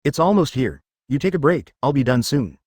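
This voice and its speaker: A calm young ninja medic, read by a synthetic male narrator. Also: mid-range voice, moderate pace, breathy edge, no room sound, studio quality.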